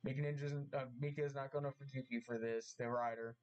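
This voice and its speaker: Man, vlogger, halting earnest apology, mid pitch. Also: fairly even intonation, a little mellow, highs cut off. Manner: halting, repeats himself, earnest and emotional. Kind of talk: apology vlog. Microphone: mask on, camera vlog.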